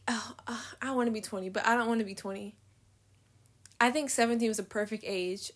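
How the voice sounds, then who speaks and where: A woman's voice: a little high, steady tone, brisk. A nineteen-year-old woman hosting a casual solo podcast, rambling with lots of fillers and swearing, with a slight lisp. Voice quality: says she has a slight lisp. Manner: rambling, swears freely, filler-heavy, laughs at herself. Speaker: podcast host.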